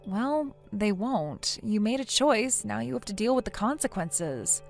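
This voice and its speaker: A woman's voice: medium pitch, animated, a little slow, gravelly, soft background music. A woman voicing a blunt, lecturing female friend. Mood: stern. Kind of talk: text story narration.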